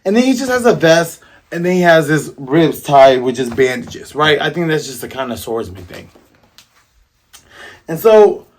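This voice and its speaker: A man's voice: a little high, very animated, moderate pace. A man hosting a casual, rambling manga review, jokey and slangy with lots of tangents. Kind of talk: casual commentary.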